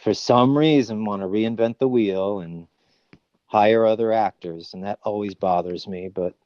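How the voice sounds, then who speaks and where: Here a man guests on a relaxed podcast as a voice actor, spinning lively stories and occasionally breaking into character voices. He speaks at a measured pace in a lowish register, on a recording with no echo and the highs cut off.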